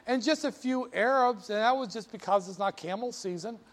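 A male finance lecturer with a notably high-pitched voice, working a classroom. He keeps it animated, joking with and teasing students as he quizzes them. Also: fairly quick.

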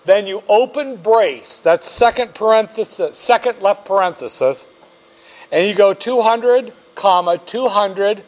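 Male finance instructor, high voice, slow deliberate delivery, wry jokes, patient step-by-step teaching. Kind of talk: classroom lecture.

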